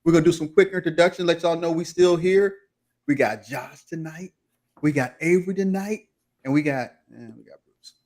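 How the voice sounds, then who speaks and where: A man's voice: on the high side, moderate pace, a little mellow. A man hosting a podcast recap, playful and drawling. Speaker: podcast host. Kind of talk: casual recap chat.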